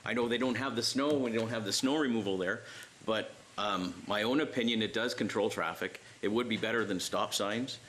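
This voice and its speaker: A man's voice: on the low side, a little fast, fairly bright tone, a little hiss or hum. A man, a city councillor, casually offering suggestions in a council debate. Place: council chamber.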